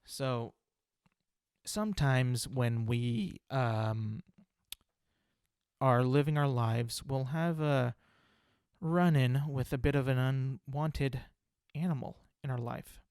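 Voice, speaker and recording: A man's voice: medium pitch, slow, darkish tone, clean tone, dry recording, studio quality. A young man hosting a solo comedy podcast, rambling and full of fillers, joking at his own expense. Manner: rambling, filler-heavy, self-deprecating. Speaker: podcast host.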